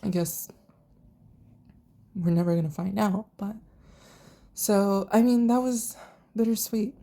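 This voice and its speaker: A young woman chats through her thoughts on a TV show, swearing freely and slipping into the characters' lines as she retells scenes. She talks slowly, and her voice has a dark, mellow tone. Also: mid-range voice. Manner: chatty, profane, animated retelling with quoted voices. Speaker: TV reviewer. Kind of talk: casual vlog recap.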